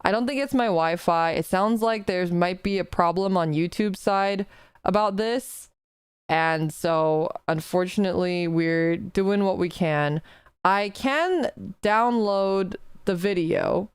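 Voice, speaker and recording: Woman, streamer, casual reaction chat, jokey asides, smooth clear voice, dry close sound. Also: lowish voice, slow, no echo. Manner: chatty, apologetic, jokey asides.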